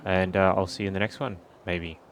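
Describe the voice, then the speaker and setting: A man's voice: deep voice, fairly even intonation, a little fast, background noise. A man casually commentating while he plays a video game, offhand and joking, with the occasional swear word. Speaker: gaming video host. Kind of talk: casual let's play commentary. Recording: voice over game music.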